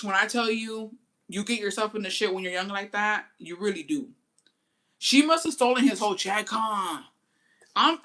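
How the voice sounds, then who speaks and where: A young woman from Texas telling a personal story in a casual, profane, slangy way. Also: medium pitch. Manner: profane, slangy, animated retelling. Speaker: storytime vlogger.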